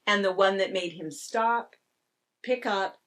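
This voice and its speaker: A woman's voice: medium pitch, a little slow, a bit bright, far from the mic. A woman co-hosting a quilt shop video, telling a story in a chatty way and laughing often. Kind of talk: casual chat.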